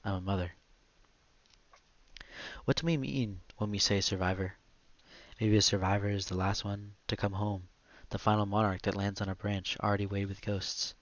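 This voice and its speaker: A man narrating a literary audiobook in a measured, quiet, reflective delivery. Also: on the low side, steady tone, dry recording, highs cut off.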